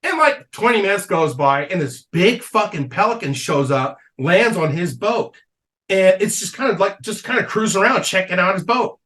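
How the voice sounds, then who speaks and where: A man's voice: high-pitched, animated, normal speed, fairly bright tone. A man telling a long, rowdy story on a comedy podcast, swearing freely and laughing as he goes. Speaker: podcast guest.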